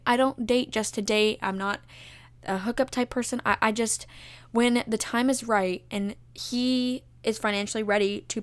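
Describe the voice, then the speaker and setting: A woman's voice: mid-range voice, a bit bright. A young woman telling her engagement story in a casual, gushing way, full of fillers and close to tears. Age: young adult. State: tearful. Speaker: vlogger.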